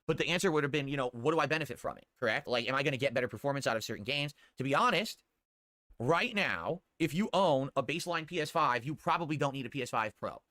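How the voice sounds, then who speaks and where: A man's voice: mid-range voice, animated, fast talker, bright, forceful tone, dry recording, studio quality. A man streaming live, chatting casually and answering viewer tips in a rambling way that repeats itself. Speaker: livestreamer.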